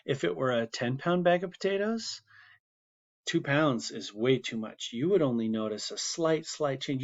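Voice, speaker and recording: A man teaching a psychology lesson in a casual, chatty way, with asides and fillers. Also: medium pitch. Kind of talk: classroom video lecture. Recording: slightly muffled lo-fi recording.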